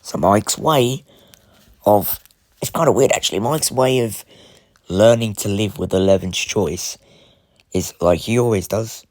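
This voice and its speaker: Low-voiced man gushing on camera. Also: a little mellow, no echo. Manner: gushing, rambling, quick bursts with restarts. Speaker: TV show reviewer. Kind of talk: casual spoiler review to camera.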